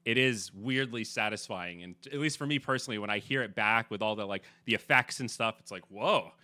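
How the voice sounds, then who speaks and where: A deep-voiced man hosts a casual podcast interview. His tone is bright and forceful, and he rambles in a relaxed way. The recording is dry and close. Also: quick pace, no echo. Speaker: podcast host.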